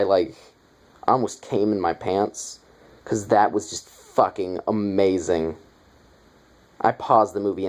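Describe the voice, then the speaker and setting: Low-pitched male reviewer, excitable, profane, rambling casual delivery. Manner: excited, rambling, heavy swearing. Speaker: movie reviewer.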